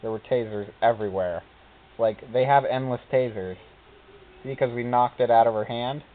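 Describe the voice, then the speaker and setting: A man's voice: mid-range voice, fairly even intonation, normal speed. Guy rambling through funny game stories, does goofy quote voices, sounds like a cheap phone line. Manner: rambling storytelling, quoting characters in silly voices. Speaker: gameplay commentator. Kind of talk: casual gameplay commentary. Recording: tinny phone-like recording.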